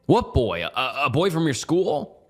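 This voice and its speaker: A man's voice: on the high side, big pitch swings, measured pace, faint music behind, voice pushed up. A man doing a worried, anxious mother. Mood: alarmed. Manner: anxious, questioning. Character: worried middle-aged mother.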